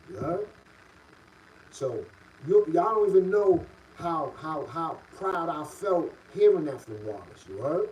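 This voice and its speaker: A middle-aged man from the Bronx with a New York City accent tells a story in a casual, streetwise way, his voice sitting a little high. He sounds a bit away from the mic, with faint ambient noise behind him. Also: sing-song, a little slow, recorded from a distance, low-quality recording. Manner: streetwise, repeats "you heard?" and "B", gets loud and high when worked up.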